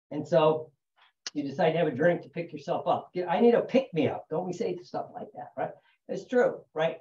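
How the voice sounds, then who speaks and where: A man's voice: a little high, mellow. A man giving a casual explanatory talk about habits, conversational and repeating "right?" and "you know" often. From United States. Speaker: hypnotherapist talking about habits. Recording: dull, echoey, from a distance.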